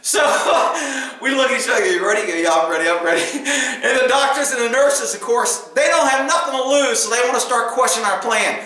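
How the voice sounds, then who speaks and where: High-pitched animated storytelling man. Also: normal speed, heavy reverb, low-quality recording. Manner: animated, laughing often, acting out quotes loudly. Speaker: former police officer telling a story. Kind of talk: casual storytelling.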